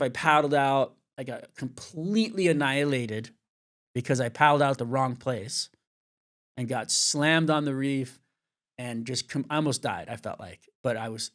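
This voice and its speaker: A middle-aged man from California tells his story in a frank, unpolished way. He swears freely and jumps into other people's voices when he quotes them. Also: mid-range voice. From Venice, California. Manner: swears freely, acts out quoted dialogue with lively shifts. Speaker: surf commentator, interview guest. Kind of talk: candid storytelling interview.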